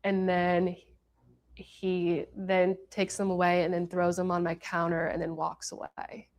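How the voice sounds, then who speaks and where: A woman's voice: lowish voice, completely flat delivery, a little slow, a little mellow. A woman giving an earnest account in a television interview, telling events step by step and often repeating herself. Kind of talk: recounting in a TV interview.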